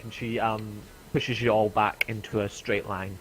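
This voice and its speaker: A man narrating as game master for a tabletop game, with halting, um-filled delivery. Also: lowish voice, level tone, noisy background.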